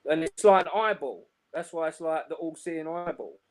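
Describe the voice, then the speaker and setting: A man's voice: fairly high pitch, normal speed. A man with a London accent, a guest in a casual chat, laid-back and earnest, using slang. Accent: London English. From England.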